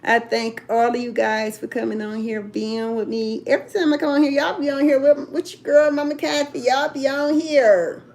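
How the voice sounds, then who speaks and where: Older lady chit-chatting on her home livestream, kinda high voice, loose and laughy. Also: fairly even intonation, a little mellow. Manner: chatty, drawn-out words, frequent laughs. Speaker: livestream host. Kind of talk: casual live chat.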